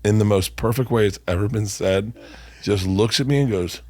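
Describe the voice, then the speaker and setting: A middle-aged man, a comedian guest on a podcast, telling lively stories in casual chat, swearing freely and acting out other people's voices. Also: fairly low pitch, normal speed, no echo, studio quality.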